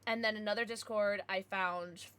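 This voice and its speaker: A young adult woman streamer chatting casually with her viewers, with excited outbursts. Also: medium pitch, normal speed, smooth. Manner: chatty, answers viewers, bursts of excited squeals. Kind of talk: casual live-stream chat.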